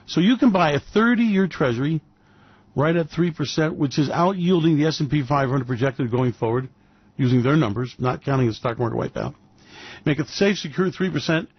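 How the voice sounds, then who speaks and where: A man's voice: fairly high pitch, breathy edge, no room sound, dull audio. Older man rambling through radio stories. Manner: blunt, hesitant with many fillers, storytelling. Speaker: radio show host.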